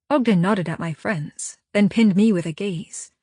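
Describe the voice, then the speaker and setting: Audiobook narrator, woman, husky voice, dry close sound, even pacing. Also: mid-range voice, measured pace, few pauses, dry recording. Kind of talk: scripted first-person narration.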